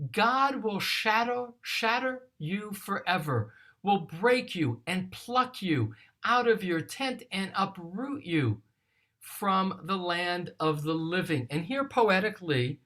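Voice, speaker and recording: A teacher giving a recorded study lesson on a psalm, reading verses aloud and explaining them in a slow, deliberate way. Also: medium pitch, a bit bright. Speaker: teacher of scripture.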